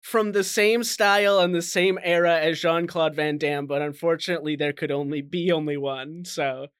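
A man co-hosting a casual podcast and dropping wry, deadpan quips. His voice is smooth and resonant and sits somewhat high for a man. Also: moderate pace. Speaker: podcast co-host. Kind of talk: casual comedic chat.

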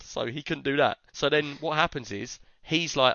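A man's voice: mid-range voice, moderate pace, vocal fry, few pauses, no echo, lo-fi sound. A man, chatting casually on a podcast and acting out the lines of people in his stories. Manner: animated storyteller, acts out others' lines. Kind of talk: casual chat.

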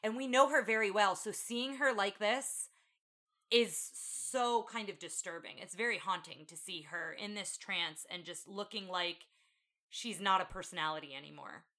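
Woman, podcast co-host, bright tone, casual recap, acts out quotes. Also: mid-range voice, normal speed. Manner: animated storyteller, acts out quotes. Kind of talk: casual film recap chat.

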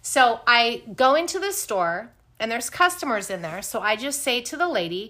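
A woman host telling a story in casual, blunt talk, animated and swearing freely. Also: a little high, normal speed. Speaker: podcast host.

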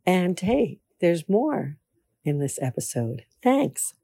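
Animated, candid woman podcast host. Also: fairly low pitch, slow, creaky, very noisy. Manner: candid, animated, self-assured. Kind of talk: casual solo podcast.

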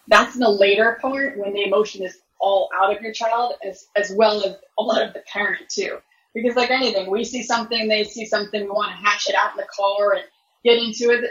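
A woman's voice: medium pitch, a bit bright, dull audio. A woman talking earnestly in a podcast discussion, explaining how to handle emotions in sport.

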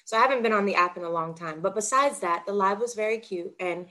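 A woman's voice: mid-range voice, fast talker, sharp tone. Chatty young woman podcast co-host. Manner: chatty storyteller, lots of "like" fillers. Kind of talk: casual chat.

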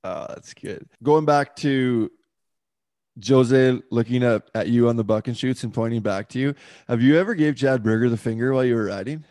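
A man hosts a casual podcast, easygoing and quick to laugh, with an average-pitched voice. The sound is dry and close, with no room around him. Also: mellow, no room sound. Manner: laid-back, laughs along, asks questions. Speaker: podcast host.

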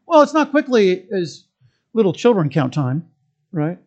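A man's voice: sits high, big pitch swings, measured pace, dull audio. Emphatic male pastor preaching. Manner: emphatic, swings between loud stresses and quiet asides; conversational storytelling with humor. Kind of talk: sermon. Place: church.

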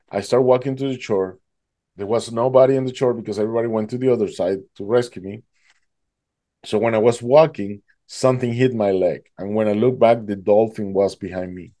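Guest, male, halting storyteller, mellow warm tone. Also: lowish voice. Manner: halting, fills with "like" and "you know". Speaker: guest telling his survival story. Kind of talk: emotional personal storytelling.

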